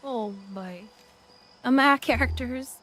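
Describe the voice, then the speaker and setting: A woman's voice: high voice, slow pace, a bit bright, slight background noise. A woman streaming a game in casual chat, talking sweetly and playfully to her in-game dog.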